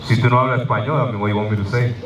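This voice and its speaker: A man on stage putting on the voice of his blunt, exasperated immigrant father, deadpan and swearing. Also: mid-range voice, rapid-fire, noisy background, voice pushed down, natural voice. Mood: dismissive. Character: gruff, blunt immigrant father, middle-aged. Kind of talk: stand-up impression. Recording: roomy live venue, mic from a distance.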